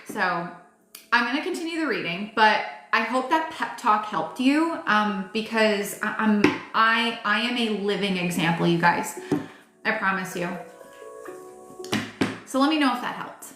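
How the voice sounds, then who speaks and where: A woman's voice: mid-range voice, expressive, a little slow. A woman tarot reader gives a live pep talk in a chatty, emphatic way, calling her viewers "guys" and swearing now and then. Her voice sits in the middle range for a woman. The room is roomy and echoey, with faint music playing underneath. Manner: many fillers and restarts, occasional swearing.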